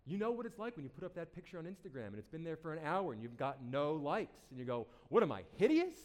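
A man preaching a sermon to a congregation, animated and playful, acting out the people he quotes and repeating words as he starts a thought. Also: fairly high pitch, fast. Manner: animated, acts out quoted voices. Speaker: pastor.

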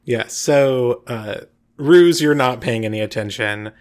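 A man with a mid-range voice narrates as game master of a tabletop game. He stays relaxed, filling pauses with frequent uh and um.

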